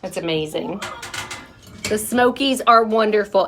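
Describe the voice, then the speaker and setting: A woman's voice: medium pitch, sing-song, moderate pace, fairly bright tone, a little hiss or hum. A middle-aged woman with a Southern US accent, chatting casually on a livestream, laughing often and cooing at her pets. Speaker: vlog host. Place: outdoors at a home with hens.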